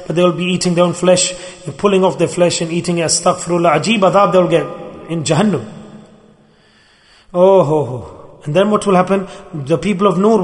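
Man, high voice, emphatic sermon, repeats himself, reverberant hall. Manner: emphatic, repetitive, acts out pleading voices. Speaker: preacher.

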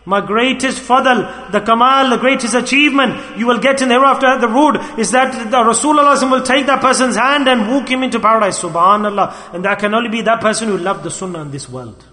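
A man preaching a sermon with passion, swinging between loud calls to the listeners and hushed asides. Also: very high voice, a little fast, few pauses. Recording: echoey hall with long reverb.

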